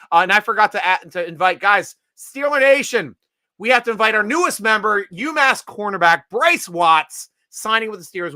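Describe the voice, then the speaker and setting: A man's voice: fairly high pitch, bright, forceful tone, smooth, no room sound. A man hosting a casual sports draft show, joking and rambling, laughing often. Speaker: podcast host.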